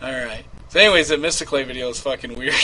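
A man's voice: mid-range voice, fast talker, bright, forceful tone, poor audio. A man hosting a casual live prank call show, loose and laughing, swearing freely. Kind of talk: casual live-stream chat.

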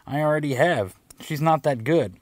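A man voicing a teenage boy prank caller who taunts in a deadpan way. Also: fairly high pitch, normal speed, dry recording, pitched above the performer's own voice, close to an everyday voice. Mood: taunting.

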